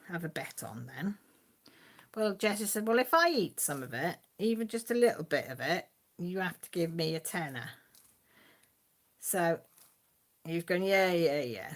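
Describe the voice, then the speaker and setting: Chatty woman with a lowish voice. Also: fairly bright tone. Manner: rambling, chatty storytelling with frequent fillers; laughs and does playful voices for family members. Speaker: channel host. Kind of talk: live-stream casual chat.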